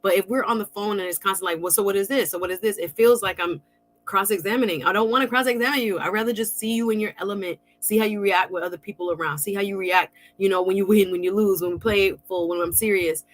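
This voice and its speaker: A woman hosting a podcast in casual chat, expressive and chatty, with informal slang. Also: mid-range voice, fast talker. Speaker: podcast host.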